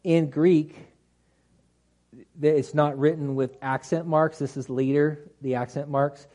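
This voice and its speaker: A man's voice: fairly high pitch, fairly even intonation, measured pace, dark tone. A man teaching a Bible study class to a group, talking through the text conversationally with restarts and dry humorous asides.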